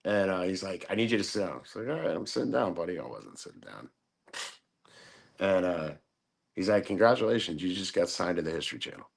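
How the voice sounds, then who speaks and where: Casual male guest telling a story, somewhat low, profane, plays out every quote. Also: big pitch swings, brisk, vocal fry. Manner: profane, acts out quoted voices. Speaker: podcast guest. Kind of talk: casual storytelling in a podcast interview.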